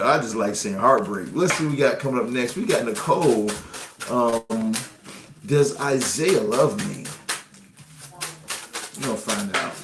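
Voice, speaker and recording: Joking, profane man in an echoey room. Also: fairly low pitch. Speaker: tarot reader on a live stream. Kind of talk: casual live-stream reading.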